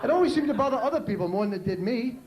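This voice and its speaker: A man with a New York accent performing a stand-up comedy routine on a club stage, delivering jokes punchily and shouting out his character bits. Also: extremely high pitch, animated, rapid-fire. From New York City. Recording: echoey club with crowd noise.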